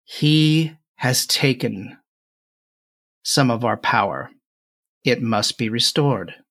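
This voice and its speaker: A game master voicing a grave, weary mother spirit in a solemn, measured way. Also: mid-range voice, animated, fairly bright tone, full character voice.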